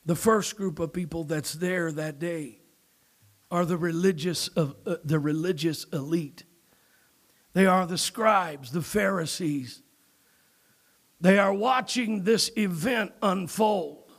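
A man preaching a sermon as pastor, moving from low, quiet talk to loud, shouted emphasis and often repeating his words. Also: takes it slowly.

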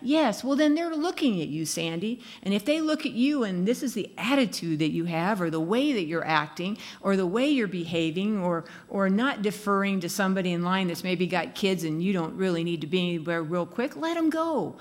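A woman's voice: on the low side, animated, a little fast, few pauses. A woman giving a casual sermon, chatty and laughing, acting out little quoted lines as she goes. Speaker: speaker giving a devotional talk.

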